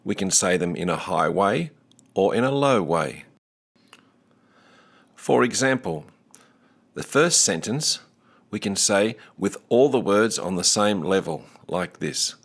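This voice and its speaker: A man teaching a recorded language lesson, speaking slowly and deliberately with careful enunciation. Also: low voice, expressive.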